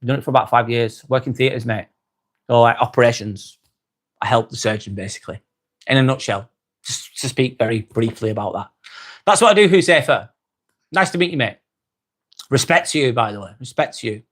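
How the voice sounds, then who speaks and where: A man's voice: medium pitch, fairly quick, long pauses, a bit bright. Chatty English man hosting a livestream. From England. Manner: chatty, repeats phrases, many fillers. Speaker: livestream host. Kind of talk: casual livestream chat reading comments.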